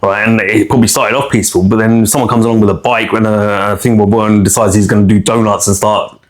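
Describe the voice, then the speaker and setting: A man, chatting on a podcast in an animated way, repeating words and using slang. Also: on the low side, fast. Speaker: podcast host. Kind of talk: casual chat.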